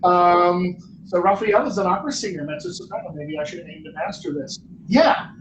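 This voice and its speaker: A man's voice: high-pitched, animated, brisk, a bit bright. Upbeat male coach in an echoey room. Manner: upbeat, joking, encouraging. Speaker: host and dialect coach. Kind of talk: live online Q&A, answering viewer questions. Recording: echoey room with background noise.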